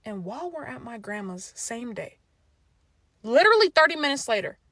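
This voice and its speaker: A young woman telling a storytime story to camera in a lively, animated way, acting out family members' lines. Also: on the high side, normal speed, no room sound, clean studio sound. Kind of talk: storytime vlog.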